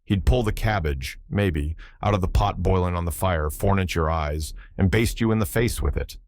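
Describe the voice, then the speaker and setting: Man voicing old Irish seaman, superstitious and innocent; deep, lilting yarn-teller for an audiobook. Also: normal speed, dry recording, close to an everyday voice. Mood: storytelling. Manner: yarn-spinning, lilting, animated.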